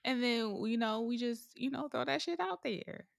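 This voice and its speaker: A woman's voice: a little high, normal speed, vocal fry, no echo. A woman in her twenties co-hosting a podcast in a studio, frank and joking, with slangy talk. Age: 20s. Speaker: podcast co-host. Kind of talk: casual chat.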